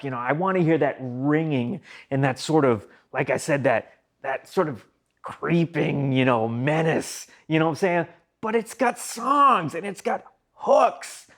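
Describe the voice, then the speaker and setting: Man, music reviewer, casual spoken review, enthusiastic, rambling, slightly high voice. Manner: enthusiastic, rambling, many fillers and asides.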